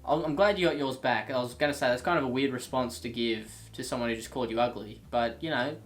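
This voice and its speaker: A man's voice: mid-range voice, expressive, fast talker, hardly any pauses. A man giving sarcastic reaction commentary, ranting and mocking with exasperation. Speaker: comedy commentator.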